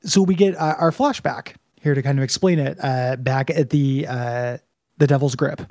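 A man co-hosting a podcast, recapping an episode in a relaxed, casual chat and laughing often. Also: medium pitch, normal speed, no echo, clean studio sound. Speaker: podcast co-host.

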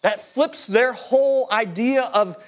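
A male pastor giving a sermon, preaching earnestly, swinging between hushed and emphatic, often stopping and restarting mid-phrase. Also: extremely high pitch, slow pace, muffled recording.

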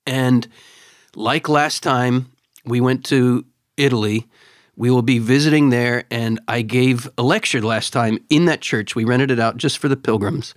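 A middle-aged man chatting on a podcast, spinning a story with lively energy and tripping over repeated words when he gets excited. His voice sits in a middle register and is recorded close and dry. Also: mid-range voice, no echo. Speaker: podcast co-host. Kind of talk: casual chat and storytelling.

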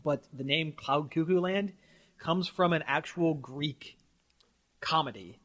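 Animated man rambling with restarts. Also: fairly high pitch, slow pace. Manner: animated, stumbles and repeats words. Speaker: podcast host. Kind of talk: casual chat.

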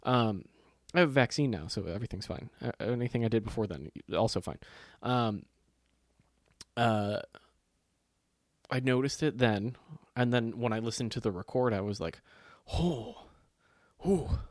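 A man's voice: mid-range voice, normal speed, long pauses, dry recording, clean studio sound. A man co-hosting a podcast, riffing in a rambling, profane, jokey casual chat. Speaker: podcast co-host.

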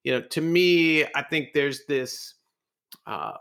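A man's voice: fairly high pitch, slow, vocal fry, fairly bright tone. A man hosting a podcast interview, jumping in eagerly with stammered restarts. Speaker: podcast host. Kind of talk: conversational interview.

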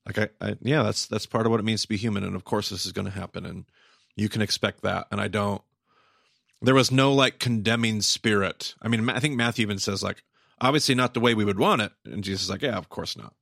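A man co-hosting a podcast in casual chat, animated and quick to exclaim. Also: on the low side, gravelly, dry recording, studio quality. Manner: animated, exclaims, quotes himself. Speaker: podcast co-host and teacher.

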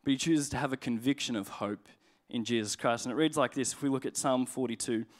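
A man preaching a sermon in a conversational, humorous way, slowing down to read scripture aloud. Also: medium pitch. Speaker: pastor.

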